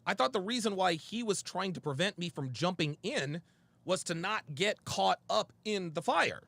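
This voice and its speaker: Animated, gravelly-voiced man telling a story. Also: high-pitched, normal speed, dry recording. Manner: animated storytelling, quoting a friend and himself; profane and emphatic. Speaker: show host. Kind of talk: heated monologue. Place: studio.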